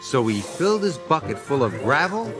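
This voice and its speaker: A man narrating a children's story in an expressive, lively reading voice. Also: on the high side, normal speed. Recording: music under the voice.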